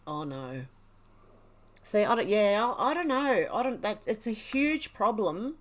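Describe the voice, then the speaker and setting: A woman's voice: mid-range voice, sing-song, measured pace. Chatty woman hosting a livestream. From Australia. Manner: chatty, exclaiming, laughs often. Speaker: livestream host. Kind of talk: casual livestream chat, reading news and comments.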